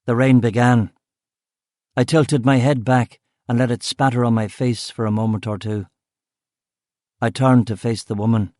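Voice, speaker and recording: A man narrating a first-person crime novel audiobook in a measured, steady, low-key way. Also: dry recording, clean studio sound.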